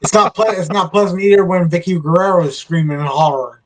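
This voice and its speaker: A man's voice: sits high, fast, slight background noise. A man chatting casually on a panel, speaking bluntly about what he thinks. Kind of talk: casual chat.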